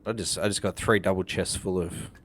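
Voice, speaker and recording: A man with a fairly low voice chats casually on a voice call. He keeps his replies short and easygoing. A little noise hums faintly behind him. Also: fairly even intonation, brisk. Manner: easygoing, brief replies with laughs. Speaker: fellow player on voice call. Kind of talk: casual chat.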